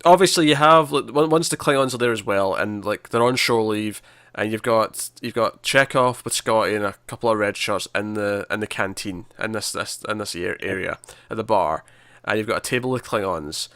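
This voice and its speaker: A man co-hosting a review podcast, recapping an episode in a lively, stumbling way with lots of restarts. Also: lowish voice, normal speed, no room sound. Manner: animated, stumbling retelling with many restarts. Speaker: podcast co-host. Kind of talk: casual review chat.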